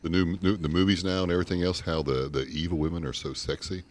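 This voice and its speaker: A man's voice: low voice, fairly even intonation, quick pace, crowd noise. A man on a casual podcast panel, hedging often and addressing the group.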